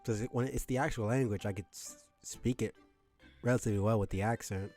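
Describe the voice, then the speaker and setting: A man's voice: on the low side, fairly even intonation, fairly quick, a little mellow, faint music behind. A man streaming a game, commenting casually and self-deprecatingly with some swearing. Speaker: let's play streamer.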